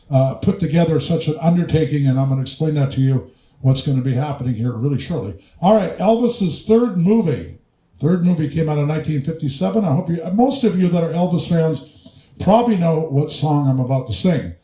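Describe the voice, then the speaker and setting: Chatty man hosting a music stream. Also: on the high side. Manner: rambling, dedicates songs to viewers. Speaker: tribute singer hosting a live stream. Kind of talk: casual patter between songs. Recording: echoey room with loud music. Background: guitar music.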